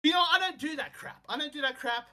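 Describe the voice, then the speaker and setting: A man's voice: very high-pitched, sing-song, normal speed, bright, forceful tone, voice pushed up, heavily acted. A man playing an angry male wrestling promoter who rants and threatens an employee, in a game commentary role-play. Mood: furious.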